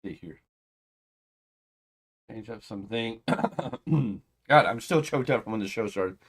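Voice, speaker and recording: A man reviewing a wrestling show in casual commentary, ranting with exasperation and sarcastic asides, loud one moment and muttering the next. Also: fairly low pitch, lively intonation, slow, husky.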